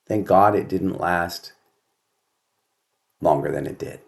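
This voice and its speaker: A cranky older man talks into his computer at home, low in pitch and dry in his sarcasm. He grumbles through his complaints, firing off rhetorical questions in a loose, conversational monologue. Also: takes it slowly, creaky. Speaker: host. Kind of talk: casual monologue vlog.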